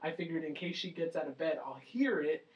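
A man's voice: on the high side, fairly quick, muffled recording. A young man co-hosting a casual podcast, telling stories with lots of swearing and acting out what others said. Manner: animated storyteller, swears freely, voices others in quotes. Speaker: podcast co-host. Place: small home studio. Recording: roomy, distant mic, poor quality.

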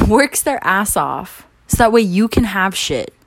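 A woman's voice: mid-range voice, big pitch swings, slow, gravelly, no echo. A young woman in a late-night rant, angry and profane, with heavy emphasis on her words. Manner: mocking whiny voice when imitating others. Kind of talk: late-night ranting monologue.

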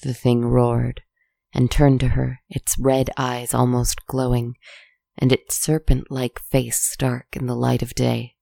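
A calm storybook narrator with a measured, soft delivery. The voice has a creaky, gravelly texture and stays fairly level in pitch. It is recorded close and dry. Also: no echo. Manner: calm, measured, softly spoken.

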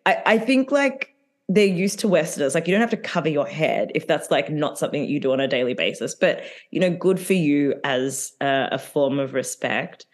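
A woman with a slightly low voice talks fast and loose on a casual podcast. She laughs often and fills her sentences with "like" and "um". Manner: chatty, giggly, full of filler words. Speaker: podcast co-host. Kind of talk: casual chat recapping reality TV.

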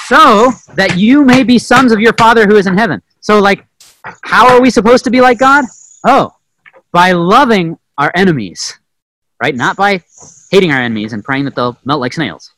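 Animated man preaching casually, bright dry voice. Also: sits high, low-quality recording. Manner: conversational, animated, often asks "right?"; dramatic acted-out quotes with sudden loud bursts. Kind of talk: informal sermon teaching.

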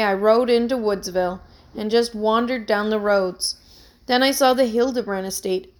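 A woman's voice: mid-range voice, close to an everyday voice. A woman voicing an anxious young man, a musician accused of theft, who speaks in an earnest, pleading way in a read-aloud story.

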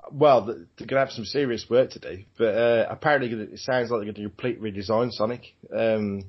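A man's voice: on the low side, quick pace, husky. A man co-hosting a casual podcast, giggly and sweary, with playful put-on bits. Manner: giggly, sweary, does silly voices. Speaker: podcast co-host. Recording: dull lo-fi recording.

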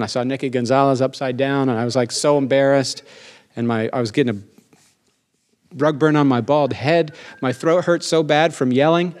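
A middle-aged male pastor preaching a sermon, animated and emphatic, asking the congregation for amens and slowing down to stress key lines. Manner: slows down for emphasis, rising pitch on key lines.

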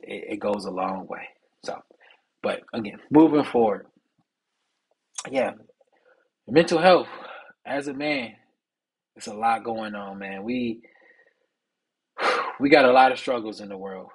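A young man hosting a solo podcast, talking casually and preachily about men's mental health in streetwise slang, with a husky voice. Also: medium pitch, poor audio. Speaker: podcast host.

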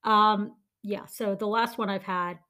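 A woman's voice: mid-range voice, fairly even intonation, unhurried, pushed and bright. Woman telling a story with many ums. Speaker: podcast co-host. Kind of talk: casual chat.

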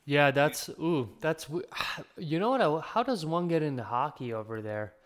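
A man's voice: on the high side, expressive, moderate pace. A man in casual podcast chat, laid-back and stammering a little as he starts sentences. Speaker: podcast co-host.

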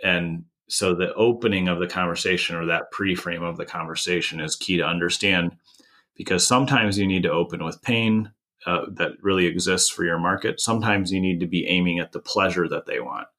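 A man's voice: deep voice, steady tone, fairly quick, pushed and bright. A man from the United States explaining a marketing idea in a conversational podcast, with many restarts. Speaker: marketing consultant.

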